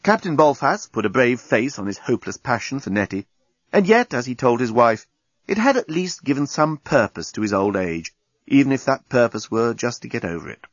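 A man narrating an audiobook in a wry, expressive way. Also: mid-range voice, brisk, dry recording, muffled recording.

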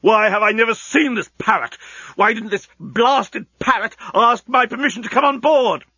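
A man's voice: moderate pace, sharp tone, slightly rough, no room sound, lo-fi sound, heavily acted. A man voicing an elderly male genius inventor, vain and outraged, who screams and sobs. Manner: screaming, sobbing, pitch jumping high.

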